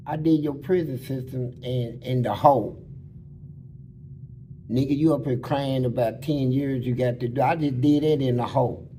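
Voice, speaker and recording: A man bluntly telling prison stories in casual, animated talk. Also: medium pitch, normal speed, slight background noise. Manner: animated, blunt, slips into voices. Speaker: interviewee.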